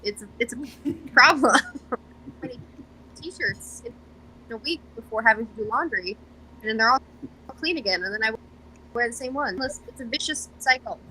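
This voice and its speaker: A woman's voice: fairly high pitch, expressive, moderate pace, long pauses, pushed and bright, a little hiss or hum, rough recording. A young woman guest on a podcast, chatting casually and rambling with lots of fillers and self-deprecating asides. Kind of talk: casual chat.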